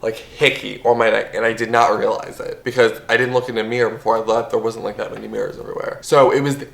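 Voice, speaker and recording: A man's voice: on the low side, flat delivery, fast talker, vocal fry, fairly bright tone. Chatty young man, echoey room. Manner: chatty, filler-heavy, swearing. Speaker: vlogger. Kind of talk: casual storytime.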